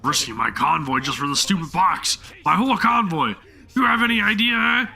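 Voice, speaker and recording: A man's voice: medium pitch, a little fast. A man voicing a hot-tempered, scornful gang boss while reading game dialogue aloud. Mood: angry, shouting. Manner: shouting, sneering.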